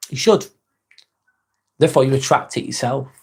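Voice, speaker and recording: A man's voice: mid-range voice, moderate pace, vocal fry, slightly rough. A man in his forties hosting a casual livestream, chatting loosely, swearing now and then and reading viewer comments aloud. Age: 40s. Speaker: livestream host.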